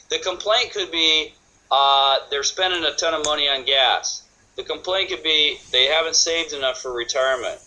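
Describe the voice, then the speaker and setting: A man's voice: medium pitch, sharp tone, low-quality recording. A man giving a sales training talk, energetically acting out customers' thoughts in quoted voices.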